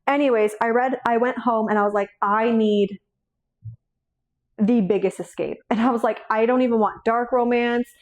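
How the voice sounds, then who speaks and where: A woman's voice: a little high, fairly even intonation, moderate pace, lo-fi sound. A young woman chatting casually about her books, rambling, swearing freely and laughing often, tearful and shaky. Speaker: book vlogger. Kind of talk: casual chat.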